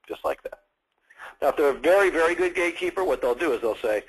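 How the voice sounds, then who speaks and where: A man in his sixties, a sales trainer at a live seminar, lively and acting out firm phone calls as he teaches. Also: on the high side, fast talker, slightly rough, rough recording. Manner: energetic, acts out phone calls in firm and friendly tones.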